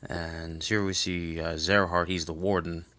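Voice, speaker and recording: A man talks through a comic book issue in a low, bright voice that barely moves in pitch at all. He rambles loosely, circling back with fillers and restarts, and swears offhandedly as he goes. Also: level tone, measured pace, no room sound. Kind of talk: casual comic recap.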